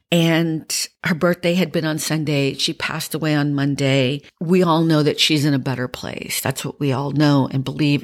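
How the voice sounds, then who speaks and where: A middle-aged woman with a Boston accent, a podcast host giving a candid, rambling personal update, tired from going without sleep. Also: deep voice. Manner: candid, rambling, with many fillers.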